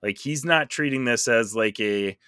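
A man's voice: medium pitch, moderate pace, pushed and bright, smooth, dry recording, studio quality. A man co-hosting a podcast, chatting casually about a movie he reviewed, easygoing with frequent fillers. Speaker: podcast co-host.

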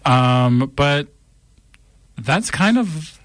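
A man co-hosting a film podcast in casual chat, joking with slow, drawn-out playful asides. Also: a little high, expressive, fairly bright tone, dry recording, studio quality. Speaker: podcast co-host.

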